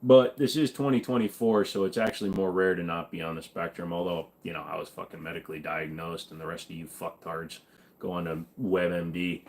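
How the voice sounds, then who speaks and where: A man from Virginia chats casually on a live stream, reading viewer questions aloud and answering them with crude jokes. His low voice stays level and moves fairly quickly.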